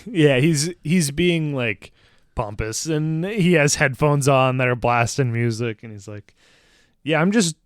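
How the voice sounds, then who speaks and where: A man's voice: medium pitch, smooth, no echo, studio quality. A man co-hosting a podcast, joking and laughing as he chimes into a casual film discussion. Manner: jokey, quick to laugh, chimes in. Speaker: podcast co-host.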